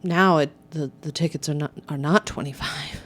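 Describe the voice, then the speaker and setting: Chill young woman cohost, lowish voice, laughs a lot, drops the odd swear. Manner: easygoing, laughs often, quick to swear in agreement. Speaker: podcast co-host. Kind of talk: casual chat.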